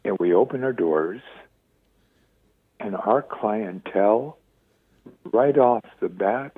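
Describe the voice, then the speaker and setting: A man in his seventies, a radio interview guest, telling stories with lively acted-out quotes. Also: lowish voice, slow pace, slightly rough, no echo. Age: 70s. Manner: lively storyteller acting out quoted voices. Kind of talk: phone-in radio interview storytelling. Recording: tinny dry phone line.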